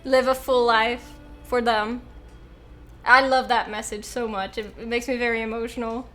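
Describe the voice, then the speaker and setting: A woman's voice: fairly high pitch, little pitch movement, normal speed, pushed and bright, soft background music. A woman streaming a video game, talking emotionally and effusively to her viewers. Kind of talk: live gameplay stream commentary.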